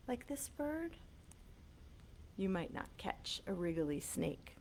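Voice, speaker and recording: A woman librarian reading a picture book aloud to small children, animated and coaxing, asking them questions, recorded on a webcam. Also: medium pitch, slow pace, gravelly, long pauses, a little hiss or hum. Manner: animated, sing-song, coaxing questions to kids.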